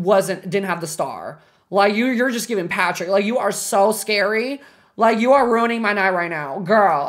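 In a mid-range voice, a woman live-streams a game, chatting with viewers and thanking subscribers between loud, dramatic reactions full of shrieks and swearing.

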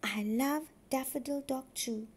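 A woman reading as a sad, gentle young duck. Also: sits high, a little slow, husky. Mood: wistful.

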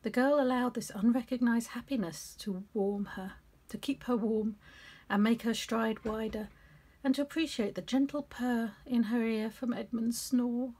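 A woman's voice: a little high, fairly even intonation, moderate pace, darkish tone, breathy edge. A middle-aged woman reading aloud a story she wrote and breaking off for chatty asides, recorded in her home office.

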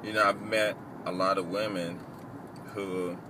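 A man casually telling a long story, rambling and halting, with many fillers and restarts. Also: low voice, level tone, noisy background.

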